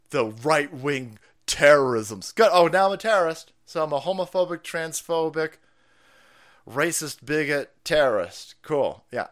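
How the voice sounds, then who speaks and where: A man's voice: a little high, fairly bright tone. A hungover man hosting a stream, ranting in profane, combative and sarcastic political commentary. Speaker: streamer host.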